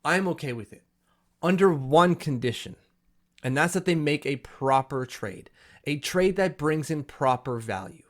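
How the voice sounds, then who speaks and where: A man's voice: on the high side, lively intonation, a little slow. A man hosting a casual hockey commentary vlog from home, chatty and self-deprecating. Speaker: hockey YouTuber.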